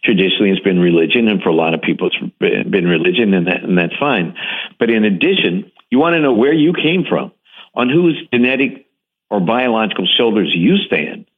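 This man has a fairly low, husky voice that is expressive and brisk. He's an interview guest who hosts a TV series, and he tells his stories with enthusiasm and emphasis, often restarting his sentences. The recording sounds like a narrow, phone-like radio line.

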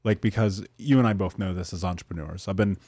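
A man from Indianapolis hosts a relaxed interview with energy, his voice pitched fairly low and recorded dry and close. He winds into long questions and tags them with a quick "right?" to keep the other man talking. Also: dry recording. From Indianapolis, USA. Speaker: podcast host. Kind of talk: casual interview chat.

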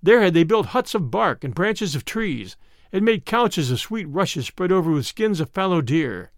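A man hosting a show, reading a classic storybook aloud in a measured, expressive way. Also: high-pitched, no room sound, clean studio sound.

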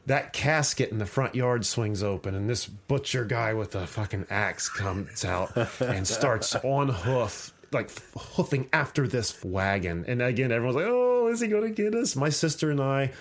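A man's voice: medium pitch, measured pace, hardly any pauses, fairly bright tone. A man hosting a podcast, telling a long childhood story in a rambling way and swearing freely. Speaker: podcast host. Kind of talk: casual podcast chat.

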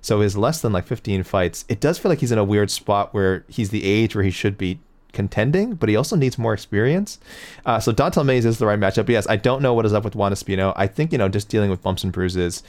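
A man with a slightly low voice hosts a fight talk show and reads through viewer picks. He rambles, corrects himself as he goes and chuckles along the way. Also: animated, quick pace, a little mellow. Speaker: MMA show host reading viewer picks. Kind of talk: casual chat.

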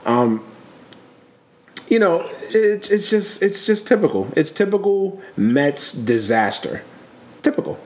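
A man's voice: high-pitched, sing-song, slow pace. A man in his thirties co-hosting a casual sports podcast, ranting in a profane, exasperated way. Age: 30s. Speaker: podcast co-host.

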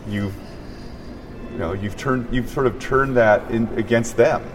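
A man's voice: mid-range voice, unhurried, noisy background. Reasoning man in a reverberant room. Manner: reasoning aloud, frequent agreeing interjections. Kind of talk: casual chat.

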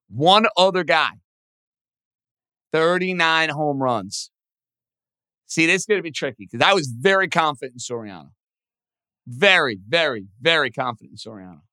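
A man hosting a sports radio show, casually thinking out loud as he works through baseball trivia. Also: a little high, no room sound. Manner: animated, thinks out loud, self-deprecating.

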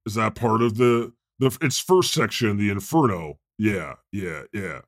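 A man's voice: fairly low pitch, unhurried, dry recording, clean studio sound. A man riffing as God on an improvised comedy podcast, rambling and jokey, often laughing. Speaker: podcast host playing God.

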